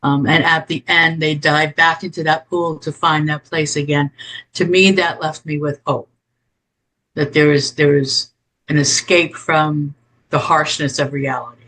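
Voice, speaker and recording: A man speaks on a convention panel in a fairly high voice. His delivery is flat and steady, and he describes things in a measured way. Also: low-quality recording.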